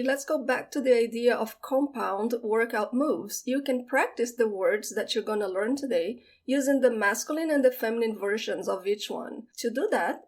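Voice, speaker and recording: A woman with a Brazilian Portuguese accent, a native Portuguese speaker, teaching vocabulary and saying each word slowly and clearly before explaining it. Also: on the high side. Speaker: language teacher. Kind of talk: vocabulary lesson with slow pronunciation drills.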